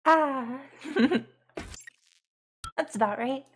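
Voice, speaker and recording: High-voiced sleepy woman streamer. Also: a little hiss or hum. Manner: reactive, repeats quick exclamations. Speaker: game streamer. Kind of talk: live gameplay commentary. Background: loud game music.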